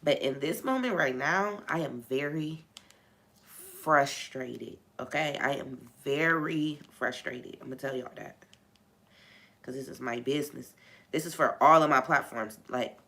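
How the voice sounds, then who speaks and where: Very low-voiced woman venting frankly. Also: measured pace, fairly bright tone. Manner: frank and venting, swears freely. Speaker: faith talk host. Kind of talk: casual live-stream talk.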